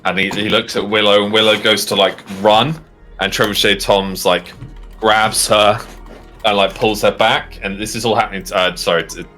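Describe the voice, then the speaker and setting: A man narrating as game master of a tabletop game, halting, with many fillers and restarts. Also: lowish voice, little pitch movement, bright, forceful tone, faint music behind.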